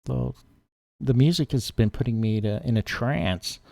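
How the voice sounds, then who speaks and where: With a medium-pitched voice, a measured pace, and some vocal fry, a man co-hosts a live online fish-keeping show. He chats loosely and rambles, full of fillers, while running a giveaway during the live stream.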